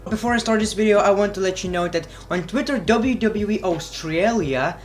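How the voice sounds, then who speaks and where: High-voiced guy, blunt sarcastic wrestling rant, light music under it. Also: expressive, fairly quick, hardly any pauses. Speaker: wrestling review youtuber. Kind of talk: casual vlog commentary.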